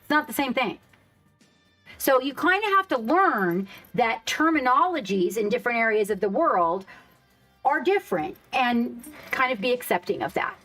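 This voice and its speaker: A woman's voice: a little high, big pitch swings, normal speed, fairly bright tone, soft background music. Chatty, cussing woman streamer. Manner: chatty, swears freely, reads chat aloud. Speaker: live stream host. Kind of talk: casual live stream chat.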